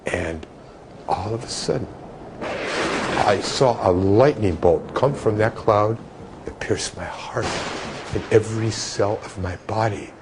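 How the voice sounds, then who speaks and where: A man interviewed for a documentary, telling a personal story in a vivid, animated way. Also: lowish voice, unhurried, pauses often, background noise. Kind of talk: storytelling reminiscence.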